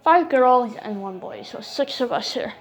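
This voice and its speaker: Slow-talking woman telling a story casually. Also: fairly high pitch, lively intonation, low-quality recording. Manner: casual, swears freely, retells talk with "I'm like".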